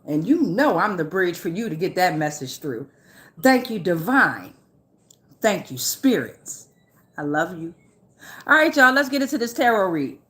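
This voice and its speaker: A woman's voice: on the low side, very animated, measured pace, a bit bright. A woman giving a casual, loose and chatty tarot reading, swearing freely and often checking in with her listeners. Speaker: tarot reader.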